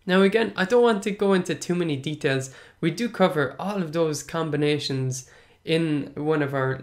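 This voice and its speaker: A man from Munster with an Irish accent, hosting a casual podcast lesson and answering listener questions in a chatty, encouraging way that repeats points for emphasis. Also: medium pitch. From Munster, Ireland. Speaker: podcast host and Irish teacher.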